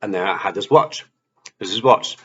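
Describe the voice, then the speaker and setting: A man's voice: fairly low pitch, normal speed, husky. A man vlogger telling a personal testimony story, acting out his own past lines as he goes. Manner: animated, acts out his own past dialogue. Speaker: Christian vlogger. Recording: slightly dull audio with faint hiss.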